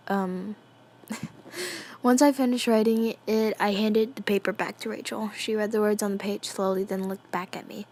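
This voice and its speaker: A woman reading a fan story aloud, quietly and half-whispered, giggling and breaking off to comment. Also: mid-range voice, steady tone, moderate pace. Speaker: fan fiction reader.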